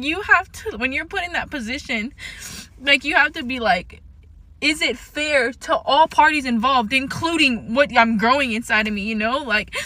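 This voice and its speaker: Tearful high-voiced young woman vlogging. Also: bright, forceful tone. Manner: rambling, packed with fillers and swearing. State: tearful, shaky. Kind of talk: emotional confessional vlog.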